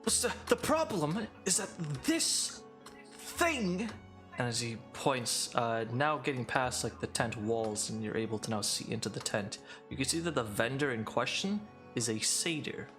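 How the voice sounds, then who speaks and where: A man narrating a tabletop game as game master, rambling with many pauses and restarts. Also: medium pitch, a bit bright, soft background music.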